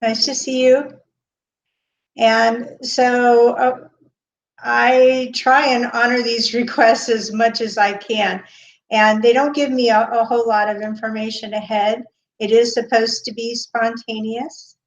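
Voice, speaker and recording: A woman hosting a live stream as a medium. She talks off the cuff with many pauses and fillers, and greets chat viewers by name. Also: fairly high pitch, little pitch movement. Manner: hesitant, with frequent pauses and fillers. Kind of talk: unscripted live-stream talk. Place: indoor room. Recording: dull lo-fi webcam audio.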